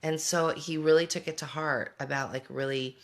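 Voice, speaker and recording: Woman, middle-aged, casual livestream host, vocal fry, reflective, answering comments. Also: low voice, steady tone, normal speed. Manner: reflective, answers viewer comments as she goes. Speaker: homeschooling parent and show host.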